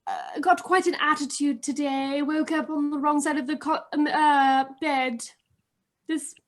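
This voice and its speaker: A woman playing a tabletop game in character, with a halting, mock-polite put-on British voice. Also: high voice, steady tone. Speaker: player. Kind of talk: in-character tabletop role-play.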